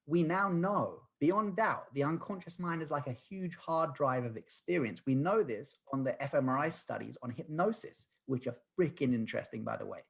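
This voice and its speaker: Guest, male, 30s: husky voice, earnest and rambling storyteller. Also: on the high side, expressive, moderate pace, few pauses. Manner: earnest, rambling, many fillers and restarts. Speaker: guest, lucid dreaming practitioner. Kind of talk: podcast conversation, storytelling.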